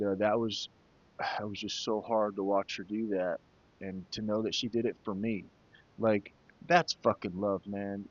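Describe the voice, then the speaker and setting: A man's voice: mid-range voice, no room sound, muffled recording. A man in his late thirties hosting his own podcast, talking casually and from the heart, swearing freely and calling listeners man and brother. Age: 30s. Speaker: podcast host. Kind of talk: casual solo talk.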